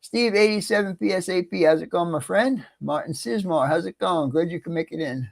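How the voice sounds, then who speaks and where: A middle-aged American man hosting a casual livestream, chatty and easygoing, greeting viewers one by one and clearing his throat often. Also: sits high, brisk. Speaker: livestream host.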